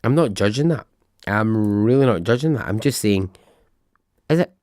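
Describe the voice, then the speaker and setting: A man's voice: lowish voice, expressive, moderate pace, darkish tone, no echo, studio quality. A man hosting a podcast, telling a true-crime story in a chatty, musing way, asking himself questions and swearing freely. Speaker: podcast host.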